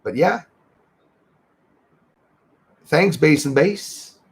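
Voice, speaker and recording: Man from Canada, livestream host, gravelly voice, rambling casual chat, reading viewer comments. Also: on the high side, animated, very slow. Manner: chatty, thanks viewers by name, rambling asides.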